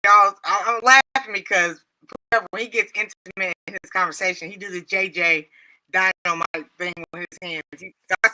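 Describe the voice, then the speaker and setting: A woman's voice: medium pitch, steady tone, normal speed, sharp tone, low-quality recording. A woman hosting a livestream in casual chat, frank and laughing often. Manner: laughs a lot, frank and joking. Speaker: livestream host.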